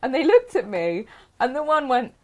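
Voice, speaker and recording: A woman's voice: high voice, sing-song, normal speed. Chatty, giggly English woman. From England. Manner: chatty, giggly, reads viewer comments aloud. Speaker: sewing show co-host. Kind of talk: casual live-stream chat.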